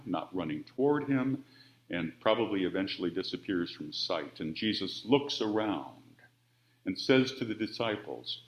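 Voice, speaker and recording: A man preaching a sermon, by turns emphatic and quiet. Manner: expressive, with wide swings of pitch and volume. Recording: roomy, dull-sounding church audio.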